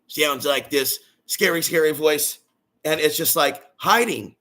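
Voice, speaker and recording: A man's voice: a little high, a little slow, sharp tone. A male host giving a preachy, ranting livestream monologue and calling out to his audience for amens.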